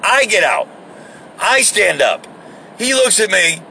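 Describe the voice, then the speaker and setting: A man tells a rambling story full of swearing, with a bright, forceful voice that sits a little high for a man. He speaks casually and with animation, as if talking to a camera from inside a vehicle. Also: takes it slowly, creaky, slight background noise. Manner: profane, rambling, animated retelling.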